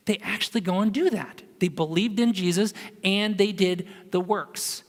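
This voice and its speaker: A man's voice: high-pitched, normal speed, few pauses. A man preaching a sermon in a church, in a casual, conversational storytelling manner. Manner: conversational, animated storytelling with acted quotes. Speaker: pastor. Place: church sanctuary. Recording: long hall reverb.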